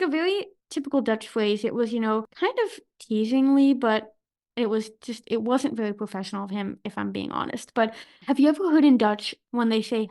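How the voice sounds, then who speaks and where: A woman's voice: on the high side, darkish tone. A woman hosting a podcast in casual chat, bubbly, laughing often and filling her talk with "like", recording from home. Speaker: podcast host. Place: home in Boston.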